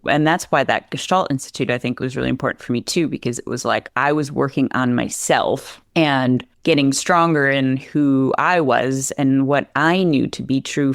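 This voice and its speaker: A woman's voice: a bass voice, dry recording, clean studio sound. A woman guest on a podcast, a horse trainer, chatting casually and acting out the voices of people she quotes, with lots of fillers. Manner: animated, acts out quoted voices, many fillers. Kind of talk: casual conversational storytelling.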